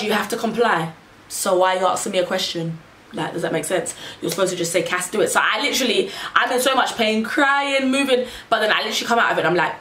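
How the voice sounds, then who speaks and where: A young woman telling a personal story to camera in a casual, animated way, acting out what people said. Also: medium pitch. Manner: animated, acts out quotes in raised voices. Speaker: vlogger. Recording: echoey room, faint noise.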